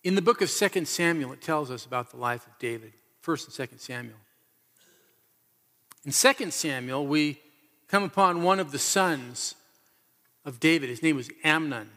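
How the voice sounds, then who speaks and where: In this sermon, a sincere pastor preaches through forceful, repeated storytelling, his bright voice pitched a bit high for a man. He keeps a normal speed with lively intonation and long pauses, while lengthy reverb echoes around the church hall.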